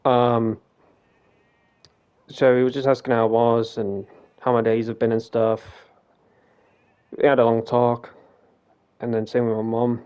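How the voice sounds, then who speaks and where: A man's voice: medium pitch, flat delivery, measured pace, long pauses, a little mellow, smooth, highs cut off. A man casually telling a ghost story during a game stream, rambling, swearing freely and acting out what people said. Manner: rambling, swears freely, retells quoted dialogue.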